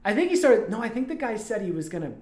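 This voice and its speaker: Very animated and quick, this man has a high, slightly mellow voice. He's a Toledo, Ohio streamer and animator chatting on his livestream, digressing from story to story as he rambles, and the room gives it a noticeable echo.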